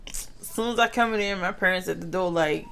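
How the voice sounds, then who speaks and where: Woman vlogger in a casual storytime, gravelly fry in her voice, lively and slangy with viewers. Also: lowish voice, a little fast. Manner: animated, slangy, addresses viewers as y'all.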